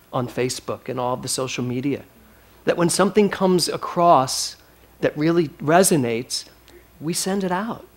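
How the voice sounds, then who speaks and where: A man minister giving a sermon, chatty and personal, building to emphatic peaks. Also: a little high.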